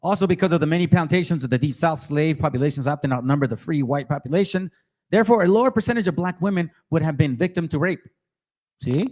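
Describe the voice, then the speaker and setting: Guy ranting at viewers on his channel, mocking, confrontational, voice jumps all over, pretty high. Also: expressive, fast talker, a little mellow. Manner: reads passages aloud between remarks. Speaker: channel host. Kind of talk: combative religious commentary.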